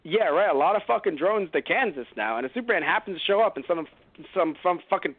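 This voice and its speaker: A man co-hosting a casual podcast, talking in an animated, rambling way and swearing a lot. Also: sits high, quick pace, no room sound, narrow, tinny audio. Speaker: podcast co-host.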